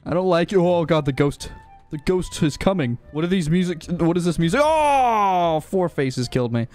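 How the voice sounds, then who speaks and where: Young male gaming host, excitable and easily startled, with a lively voice that swings a lot. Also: on the high side, normal speed. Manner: excitable, yelps and shrieks when startled. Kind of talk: gameplay commentary. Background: game music and sound effects.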